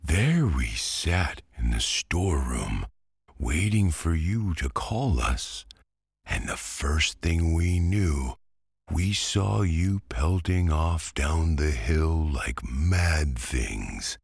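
A man's voice: very deep voice, animated, drawn-out words, vocal fry, slightly rough, no echo, studio quality, pitched above the performer's own voice, exaggerated voice. A man voicing a crowd of talking cabbages in a storybook reading, panting and reproachful.

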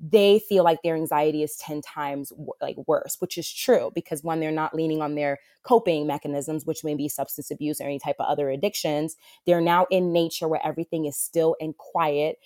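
Low-voiced woman therapist, earnest. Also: fairly even intonation, fairly quick, few pauses, a little mellow, no room sound, studio quality. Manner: earnest and heartfelt, with many fillers. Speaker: wilderness therapist for adolescent boys. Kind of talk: conversational interview.

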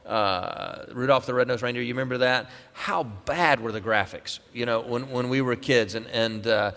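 A man's voice: medium pitch, moderate pace, vocal fry, a bit bright. Middle-aged male pastor, casual and rambling delivery, in a reverberant hall. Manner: rambling, with many fillers and restarts. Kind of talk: casual sermon opening. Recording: long echo of a large hall.

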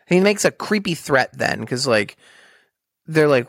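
Animated co-host, jokey and laughing, middle pitch, dry close-miked sound. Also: a little slow, gravelly, dry recording. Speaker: podcast co-host. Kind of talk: casual chat recapping a show.

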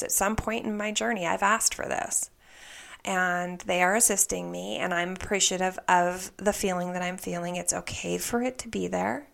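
A woman telling a personal spiritual story in an earnest, soft way, often dropping into a whisper. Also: fairly low pitch, fairly even intonation, normal speed, creaky. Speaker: spiritual vlogger.

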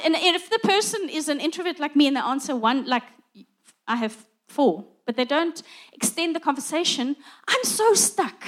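A middle-aged woman preaching a conversational sermon, acting out little dialogues as she goes. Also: sits high.

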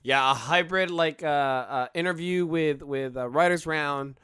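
A man's voice: a little high, measured pace, fairly bright tone, slight background noise. A man co-hosting a casual podcast, upbeat and giggly as he plugs the show's events. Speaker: podcast co-host.

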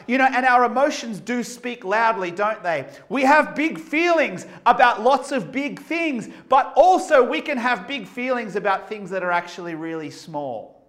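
High-voiced preacher, quiet to emphatic. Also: male voice, expressive, normal speed. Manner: swings from quiet and reflective to loud, emphatic preaching. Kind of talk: sermon.

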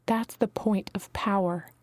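A woman's voice: medium pitch, fairly even intonation, measured pace, darkish tone, no echo, natural voice. A woman reading a tender motherly healer. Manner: soothing, affectionate, sometimes drops to a whisper. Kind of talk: audiobook character reading.

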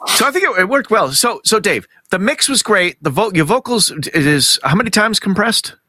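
A man hosting a casual podcast, excitable and quick to swear. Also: high voice, no room sound. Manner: excitable, swears freely, laughs often. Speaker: podcast host. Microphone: home studio mic, remote recording.

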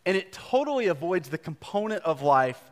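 A man's voice: high voice, sing-song, a little fast. A young adult man preaching a live sermon to a congregation, conversational and earnest, with casual asides. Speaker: pastor. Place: church gathering before a congregation. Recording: live church recording with long hall reverb.

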